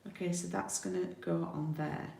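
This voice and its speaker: Card-making demonstrator from the UK: a low, gravelly woman who chats and thinks aloud in a roomy room. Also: fairly even intonation, moderate pace, warm tone, a little hiss or hum. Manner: chatty, thinks aloud while working. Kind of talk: live craft tutorial. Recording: roomy home recording.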